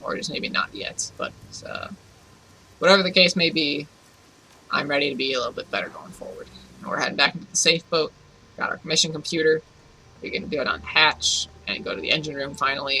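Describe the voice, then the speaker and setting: A man's voice: on the high side, vocal fry, bright, forceful tone, a little hiss or hum, poor audio. A man hosting a let's play, casually commenting on gameplay and reading the game text aloud. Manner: casual, with frequent "uh" fillers.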